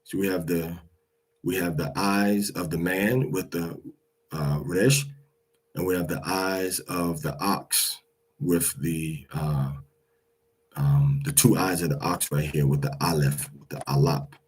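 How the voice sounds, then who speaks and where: A man's voice: sits low, steady tone, slow, slightly rough. A man teaching a language lesson, patiently repeating each pronunciation several times.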